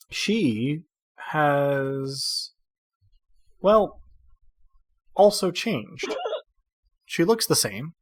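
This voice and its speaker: Man narrating a tabletop game. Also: mid-range voice. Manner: descriptive, measured storytelling. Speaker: game master.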